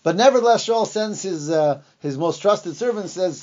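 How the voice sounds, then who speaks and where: A man with a high voice teaches a lesson on the Bible, telling the story with energy and acting out the quoted lines. He pauses now and then with fillers and restarts, and the recording sounds dull and lo-fi. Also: lively intonation, a little mellow. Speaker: Torah teacher.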